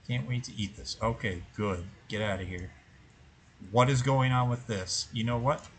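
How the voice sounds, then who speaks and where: Male gaming host, mid-pitched, grumbles and swears to himself through play, with a faint hiss under the voice. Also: moderate pace, fairly bright tone, low-quality recording. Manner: muttering, cursing to himself. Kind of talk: gameplay commentary.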